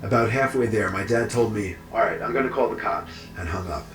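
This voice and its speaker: A man reading a first-person horror story aloud in a steady, even way. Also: lowish voice, a little fast. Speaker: story narrator. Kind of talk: scripted horror story narration. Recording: echoey with faint music behind.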